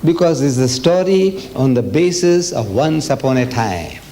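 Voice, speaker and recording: An older South African man delivers an animated religious lecture to the public, putting questions to his audience and reading passages aloud. He speaks in a mid-range voice at an unhurried pace.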